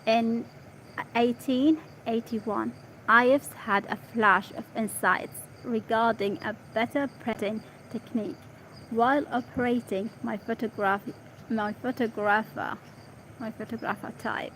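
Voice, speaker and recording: A woman whose first language is Arabic reads an English article aloud, stopping often to check her pronunciation in quiet asides. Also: a little high, fairly even intonation, unhurried, a little hiss or hum, poor audio. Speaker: reader practicing English.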